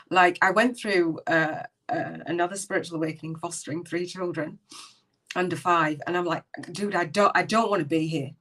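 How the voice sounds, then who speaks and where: Brief: middle-aged woman host, low voice, earnest and rambling, mic a bit distant. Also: a bit bright. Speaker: podcast host. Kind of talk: live spiritual business podcast.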